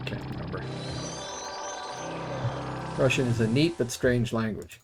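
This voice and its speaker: A middle-aged man chats at a medium pitch as he plays, drifting from one dry anecdote to the next. He sounds relaxed and conversational, a streamer talking to his viewers while he plays. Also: a little slow, long pauses, over music. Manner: rambling, wry storytelling. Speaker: gaming streamer. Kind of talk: casual commentary while playing.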